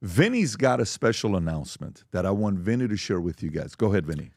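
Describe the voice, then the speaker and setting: A man's voice: deep voice, big pitch swings, fast, a little mellow, no room sound. A man hosting a podcast, upbeat and enthusiastic as he promotes merchandise. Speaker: podcast host. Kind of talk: casual podcast talk and promo.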